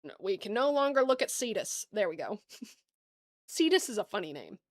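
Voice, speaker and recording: A woman with a Southern US accent hosting a casual card-opening video, bubbly and gushing, thinking aloud and laughing softly as she talks to viewers. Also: medium pitch, big pitch swings, normal speed, dry recording. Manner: bubbly, gasping and gushing over cute cards. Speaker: card-opening channel host.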